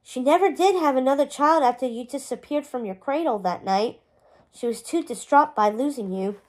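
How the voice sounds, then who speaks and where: A woman's voice: sits high, moderate pace. A woman voicing an old bearded male wizard in a storybook read-aloud, gushing and sputtering. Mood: matter-of-fact.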